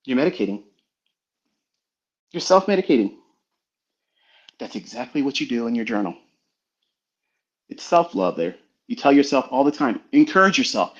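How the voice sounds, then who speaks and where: Profane preachy man, muffled stream. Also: on the high side. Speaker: trading mentor. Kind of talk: motivational talk on a live audio stream. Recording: dull lo-fi online stream audio.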